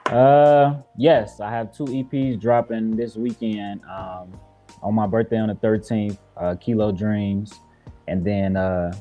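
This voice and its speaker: A man's voice: fairly low pitch, fairly even intonation, slow pace, warm tone, soft background music. A man from Chicago, a guest rapper, answering interview questions in an earnest, reflective way with many fillers. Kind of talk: casual interview talk.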